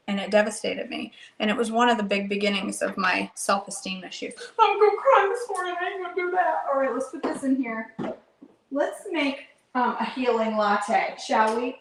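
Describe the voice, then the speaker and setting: A chatty woman hosts a live cooking show from her home kitchen, talking herself through each step and calling her viewers "girl." Her voice sits a bit high, and the room around her rings with echo and a faint hiss. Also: a bit bright. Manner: chatty, talks to herself and viewers while working; folksy slang, calls viewers girl.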